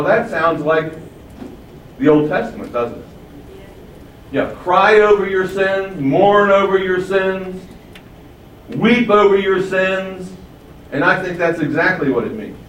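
A man preaching a sermon with some lift in his voice, pushing up on the words he wants to land. He sounds distant from the mic, in a roomy, echoing space with a faint hum of ambience behind. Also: on the high side. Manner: emphatic, rising for key phrases.

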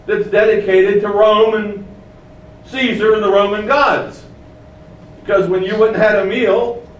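A man's voice: sits high, muffled recording, slight background noise. A man preaching a sermon, explaining a passage and asking his listeners questions. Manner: explains, asks the room questions. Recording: echoey room, mic at a distance.

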